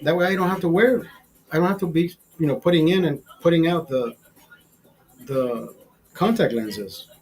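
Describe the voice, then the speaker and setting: Husky, profane man chatting live. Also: fairly high pitch, normal speed, long pauses, a little mellow, poor audio. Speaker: livestream host. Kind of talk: casual chat to viewers.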